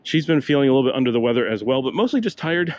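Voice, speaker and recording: A man's voice: mid-range voice, animated, very fast, darkish tone, no room sound, lo-fi sound. An older man narrating a walking tour outdoors in a chatty, rambling way, breathing a little hard with a slight cough. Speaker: travel vlogger. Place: city streets outdoors, walking.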